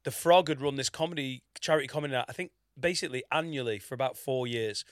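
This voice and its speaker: A man hosting a casual comedy podcast, an animated storyteller who acts out what people said and swears freely. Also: mid-range voice, fast, dry recording, clean studio sound. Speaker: podcast host; stand-up comedian.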